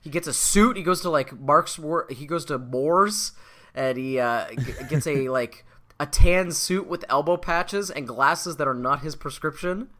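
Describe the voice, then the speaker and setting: A man's voice: a little high, measured pace, bright, forceful tone. A man co-hosting a podcast, rambling in casual chat with many fillers and laughing while retelling scenes. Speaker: podcast co-host.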